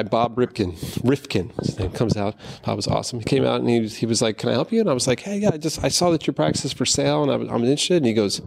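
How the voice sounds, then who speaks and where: Gravelly, fast-talking storyteller man. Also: medium pitch. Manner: animated storyteller acting out quotes. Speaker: guest, golf fitness founder. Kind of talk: casual storytelling interview.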